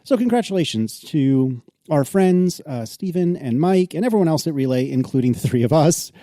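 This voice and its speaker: Guy cohosting a podcast, lively up-and-down voice, kinda mellow tone, dry close mic. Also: on the high side, normal speed, no echo. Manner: animated, laughs often, exasperated protests. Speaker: podcast co-host. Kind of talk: casual chat.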